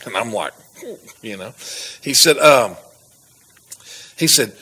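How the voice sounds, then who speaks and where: A man's voice: fairly low pitch, expressive, measured pace, pauses often, sharp tone, breathy edge, low-quality recording. A man from Texas, earnestly telling his personal testimony as a guest. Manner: earnest storytelling with laughs and restarts.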